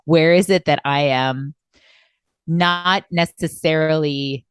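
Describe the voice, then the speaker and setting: A woman's voice: low voice, takes it slowly, clean tone, no room sound, studio quality. A woman co-hosting a podcast as a coach, talking in an intense, emphatic way and laughing often. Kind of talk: casual podcast conversation.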